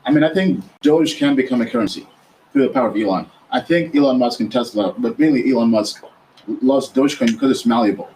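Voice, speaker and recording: Male guest, mid-pitched, steady reasoning, faint noise behind. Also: fast, low-quality recording. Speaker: guest panelist. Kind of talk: casual roundtable chat.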